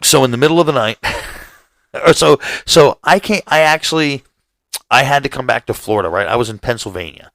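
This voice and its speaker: A man tells a long, meandering story on a casual podcast, cursing freely and laughing at his own tale. His voice sits at a middling pitch. The sound is dry and close to the mic, with no room echo. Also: fairly quick, vocal fry, a bit bright. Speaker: podcast co-host.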